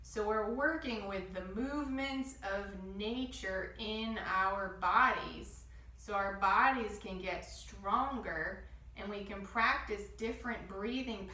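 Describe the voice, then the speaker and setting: A woman guiding a children's yoga class, giving gentle step-by-step instructions and demonstrating breath sounds. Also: mid-range voice, echoey room, far from the mic, a little hiss or hum, rough recording. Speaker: kids yoga teacher.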